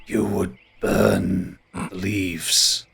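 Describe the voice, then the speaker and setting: A man voicing an ancient male tree spirit who speaks slowly and solemnly in a tabletop game. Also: low voice, flat delivery, vocal fry, a bit bright, husky, faint music behind, voice pushed down, exaggerated voice. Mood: grave. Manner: slow, measured, solemn delivery.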